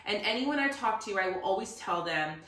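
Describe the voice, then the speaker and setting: A woman's voice: medium pitch, expressive, brisk, fairly bright tone. A woman hosting her own podcast alone, talking in an earnest, emotional, motivational way about pushing through hardship. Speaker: podcast host. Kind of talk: emotional solo podcast monologue. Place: room recorded alone. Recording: roomy echo, somewhat far from mic.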